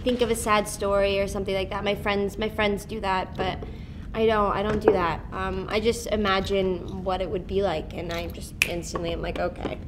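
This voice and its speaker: A young actress chatting and giggling through a convention panel Q&A, with lots of fillers. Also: female voice, medium pitch, flat delivery, moderate pace, noisy background. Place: convention hall.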